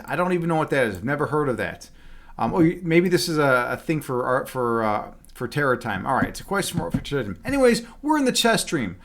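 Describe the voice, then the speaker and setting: A man's voice: high voice, sing-song, a little fast. A man chatting casually on a livestream as a chess instructor. He rambles and fills his talk with "like" and "you know". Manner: talks loudly at times.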